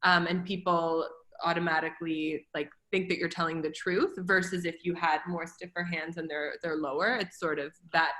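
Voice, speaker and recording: A woman hosting a casual video interview, bubbly and excitable, laughing often. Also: on the low side, moderate pace.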